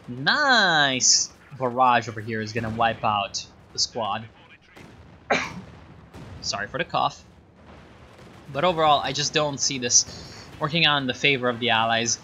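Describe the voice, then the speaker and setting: A man's voice: medium pitch, pushed and bright, a little hiss or hum. A man casting a strategy game replay in a sarcastic, rambling way, full of fillers and asides. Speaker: game caster. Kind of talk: casual game commentary.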